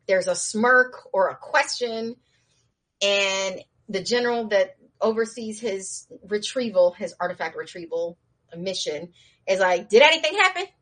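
Woman talking casually, slangy, does voices for characters, lots of little laughs. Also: fairly bright tone. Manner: slangy, acts out characters' lines in a higher voice; chatty with frequent laughs and asides. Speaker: show recapper. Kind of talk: animated casual recap.

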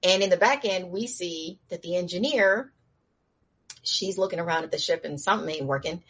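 A woman casually recapping a show in slangy talk, acting out the characters' lines in a higher voice and laughing now and then. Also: normal speed, fairly bright tone, slightly rough. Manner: chatty with frequent laughs and asides.

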